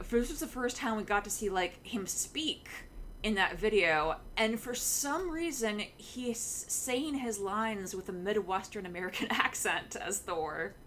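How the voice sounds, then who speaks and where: Bright, eager woman podcaster telling a story. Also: medium pitch, a little hiss or hum. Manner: storytelling with many "uh" fillers, enthusiastic fan. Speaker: podcast co-host. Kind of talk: casual podcast chat.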